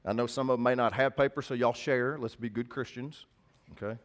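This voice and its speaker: A man's voice: medium pitch, fairly even intonation, brisk. A middle-aged man preaching a sermon, talking straight to his congregation in a folksy way. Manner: folksy, talks to congregation directly.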